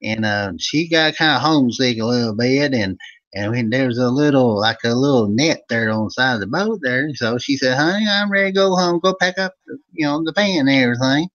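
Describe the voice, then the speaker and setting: A man's voice: brisk, highs cut off, natural voice. A man voicing Old Vern, a folksy country storyteller with an Eastern Kentucky accent. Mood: rambling yarn. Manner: loud, high-pitched, rambling yarn-spinning.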